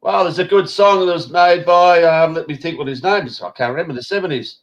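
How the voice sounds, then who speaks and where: A man's voice: a little high, fairly quick, highs cut off. A man hosting a live-stream chat, rambling and swearing casually. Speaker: host.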